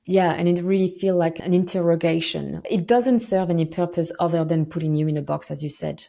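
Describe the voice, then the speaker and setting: A woman's voice: fairly low pitch, fairly even intonation, brisk, vocal fry, warm tone. A woman hosting an interview, asking empathetic questions that sum up what her guest said. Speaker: interviewer, host. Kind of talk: interview conversation.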